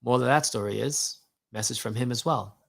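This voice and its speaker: A man hosting his own show, telling a casual spiritual story in a slangy, animated way and acting out both sides of a conversation. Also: mid-range voice, fairly quick, vocal fry. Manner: casual slangy talk, many "like" and "yo" fillers. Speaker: host.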